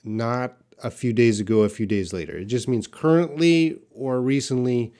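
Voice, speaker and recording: A man's voice: mid-range voice, darkish tone. Male English teacher, patient explainer, live Q&A. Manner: patient, explanatory, repeats words slowly for learners. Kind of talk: live Q&A class, reading viewer questions.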